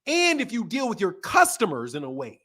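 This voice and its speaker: Animated, high-voiced ranting man. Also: a little fast. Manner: animated, emphatic, swears a lot. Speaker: boxing channel host. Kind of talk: casual profane podcast rant.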